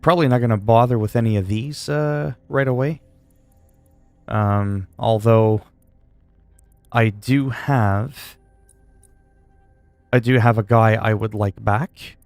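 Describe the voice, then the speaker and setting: A man's voice: lowish voice, slow pace, pauses often, no room sound, soft background music. A man chatting casually while livestreaming a game, answering chat questions in a laid-back, swearing way.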